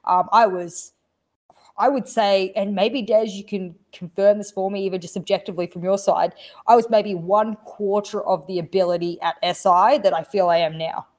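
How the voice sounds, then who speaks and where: A woman guest on a podcast, telling a story in casual chat, animated and swearing, acting out what people said. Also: mid-range voice, normal speed. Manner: animated, swearing, acts out quotes. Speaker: guest, esports desk analyst.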